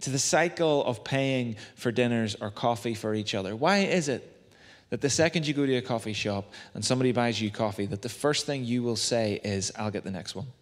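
Northern Irish preacher in a reverberant hall. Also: male voice, medium pitch, a little fast. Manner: chatty, self-deprecating, tag questions. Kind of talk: sermon. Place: church hall. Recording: long reverb of a church hall.

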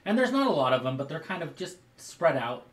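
A man narrating as game master of a tabletop game, describing scenes haltingly with many fillers. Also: fairly high pitch, big pitch swings, echoey room.

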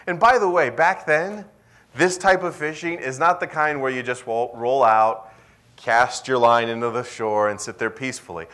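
A young man preaching a sermon in a lively, conversational way, sometimes dropping to a whisper. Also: mid-range voice, moderate pace. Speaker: pastor.

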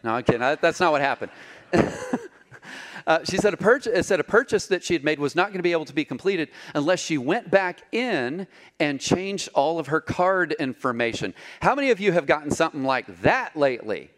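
A man's voice: fairly high pitch, fairly quick. A middle-aged man preaching a sermon as pastor, telling stories with humor and joking with the congregation. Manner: animated storytelling, jokes with the congregation.

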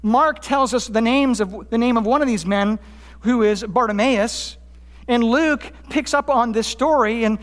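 A pastor preaching a sermon, rising for quoted cries and dropping low on his key points. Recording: long hall reverb.

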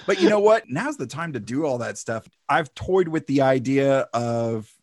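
An American man hosts a casual podcast chat and jokes his way through it with animated asides. His voice sits at a mid pitch, and the recording is dry and close. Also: normal speed, no room sound. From United States. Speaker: podcast host.

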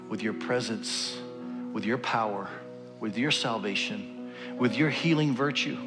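A man's voice: on the low side, unhurried. A man leading his congregation in earnest prayer during a church service, rising toward fervent pleading. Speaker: pastor. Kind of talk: sermon prayer. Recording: long hall reverb with music behind. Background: instrumental worship music.

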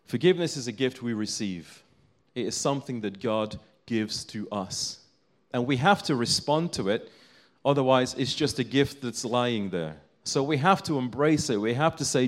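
A man with a lower-pitched voice delivers a sermon, telling a story with earnest, mounting emphasis. He speaks as a preacher to a congregation.

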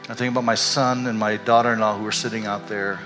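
An older man, a pastor, telling a candid and emotional personal story in a sermon, animated as he goes. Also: lowish voice, quick pace, music in the background. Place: church sanctuary. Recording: echoey hall.

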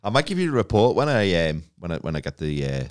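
Lively man in his forties. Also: deep voice, quick pace, smooth, no echo, studio quality. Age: 40s. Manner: chatty storyteller, lively and laughing. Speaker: podcast co-host, comedian. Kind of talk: casual chat.

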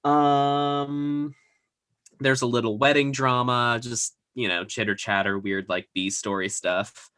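A man's voice: medium pitch, steady tone, slow pace, a bit bright, smooth. A man co-hosting a podcast, casually recapping a TV episode with lots of fillers and asides. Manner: rambling, filler-heavy retelling. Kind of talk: casual chat.

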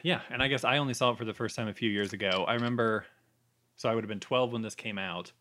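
Male podcast co-host, quick and enthusiastic, deepish voice, loose rambling chat. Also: bright, forceful tone. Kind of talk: casual chat.

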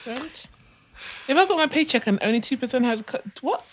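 A woman chatting on a podcast with expressive, lively interjections. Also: sits high, a little fast. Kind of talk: casual chat.

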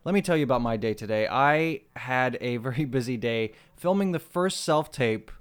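A man's voice: medium pitch, lively intonation, smooth. Chatty young male podcast co-host. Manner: chatty, storytelling with quick asides. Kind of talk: casual podcast chat.

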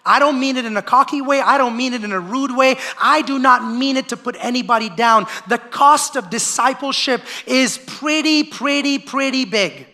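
High-voiced, bright male pastor preaching. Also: moderate pace, few pauses. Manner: energetic, calls out to the congregation for response; acts out the voices of complainers. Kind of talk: sermon. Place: church sanctuary.

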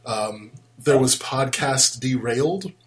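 A man's voice: mid-range voice, slow, fairly bright tone. A man from the United States hosting a casual podcast and reading out listener messages. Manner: easygoing, reads listener messages aloud. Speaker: podcast host.

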